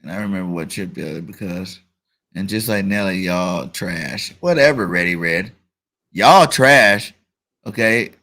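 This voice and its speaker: Hyped fan host with a bright voice. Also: male voice, sits low, normal speed. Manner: hyped, playful, reads chat comments aloud. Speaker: show host. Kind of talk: casual sports debate. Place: online live stream.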